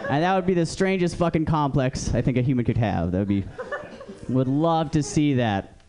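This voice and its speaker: A man's voice: medium pitch, lively intonation, moderate pace, dark tone. A man doing a stand-up comedy set on a club stage, telling profane, rambling stories into a stage mic.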